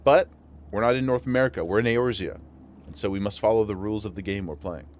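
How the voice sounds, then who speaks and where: A man's voice: on the low side, fast, slight background noise. A man with a western New York accent, chatting casually and laughing often while streaming a game. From western New York region. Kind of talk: casual gameplay chat.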